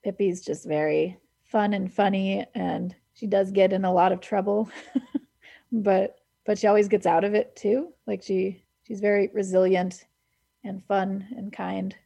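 A woman's voice: medium pitch, steady tone, unhurried, gravelly, dark tone. A woman hosting a radio show, chatting casually and enthusiastically about books and laughing easily. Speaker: radio host. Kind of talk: casual book chat on radio.

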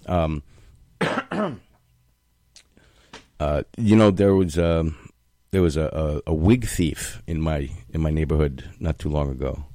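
A man's voice: extremely low pitch, slow, pauses often, dark tone, no room sound. A man hosting a casual chat, telling family anecdotes and acting out voices in them. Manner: storytelling, acts out voices in anecdotes.

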